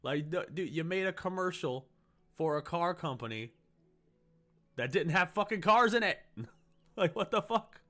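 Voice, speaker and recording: A man co-hosting a stream, reacting in casual, profane, animated rants and laughing often. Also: high-pitched, moderate pace, pauses often. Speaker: stream co-host.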